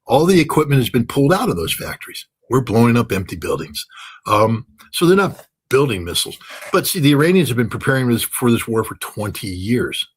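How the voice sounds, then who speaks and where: A man's voice: medium pitch, big pitch swings, brisk, husky. A man speaking as a guest analyst in an interview, blunt and sarcastic and often joking. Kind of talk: animated interview commentary.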